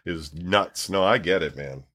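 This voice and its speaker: A man's voice: deep voice, a little slow, a bit bright. A man in casual conversation, sharing a childhood memory and laughing along with his friend's story. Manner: listener who laughs and adds short remarks. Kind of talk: casual chat.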